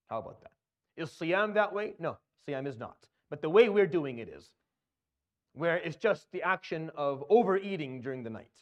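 A man giving an earnest religious talk, with repetitions and rhetorical questions. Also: on the high side. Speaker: Islamic preacher.

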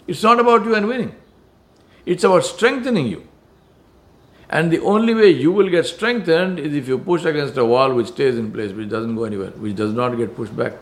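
A man's voice: a little high, fairly quick. A man preaching a sermon in an earnest manner, stressing points by repetition and often restarting his phrases.

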